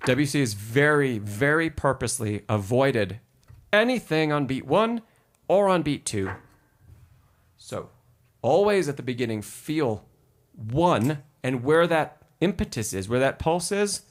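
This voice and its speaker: Guy teaching piano live, counts the beats out loud, patient explainer, mid-pitch voice, faint piano behind. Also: very animated, measured pace. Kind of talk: live-stream music lesson answering chat questions.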